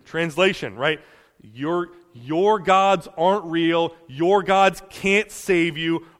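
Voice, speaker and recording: Man preaching with echoing hall reverb. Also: a little high. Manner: animated storytelling with acted-out quotes. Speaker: pastor. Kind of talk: sermon.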